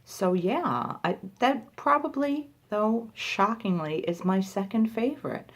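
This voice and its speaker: A woman's voice: medium pitch, expressive, measured pace, a little hiss or hum. A woman talking casually in a product review vlog, chatty and full of filler words.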